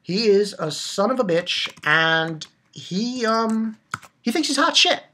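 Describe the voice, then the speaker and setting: A woman's voice: medium pitch, expressive, takes it slowly, fairly bright tone, a little hiss or hum. A woman giving a heated, profane rant while reviewing a manga chapter, blunt and repeating her points for emphasis. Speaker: anime reviewer.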